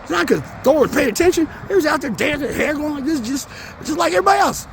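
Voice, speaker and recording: Gravelly, swearing man rambling outdoors. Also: extremely high pitch, lively intonation, fast. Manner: swearing, intense, swings between mumbling and loud outbursts. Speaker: vlogger. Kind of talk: rambling spiritual monologue. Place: outdoors near traffic, walking. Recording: outdoor phone audio with street noise.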